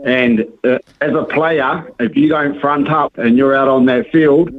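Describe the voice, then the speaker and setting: A man's voice: medium pitch, steady tone, a little slow. Brief: New Zealand male caller, earnest, phone-filtered. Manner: earnest, opinionated. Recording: tinny phone line.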